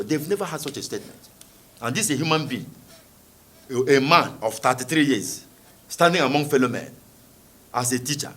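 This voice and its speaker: A man's voice: fairly high pitch, breathy edge. A man preaching a sermon, reading scripture aloud and then expounding it with emphatic rhetorical questions. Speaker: preacher and author.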